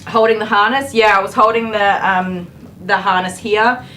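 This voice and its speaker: A woman's voice: mid-range voice, normal speed. Woman groomer live-streaming over clipper noise. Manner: firm commands to dog, then calm explaining. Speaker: dog groomer. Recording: noisy grooming room with clipper buzz.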